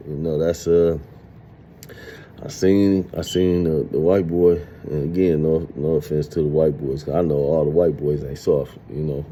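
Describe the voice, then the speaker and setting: Deep, dark-voiced man telling a story. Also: normal speed, a little hiss or hum. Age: 30s. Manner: streetwise, profane, animated retelling with acted quotes. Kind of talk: casual storytime monologue.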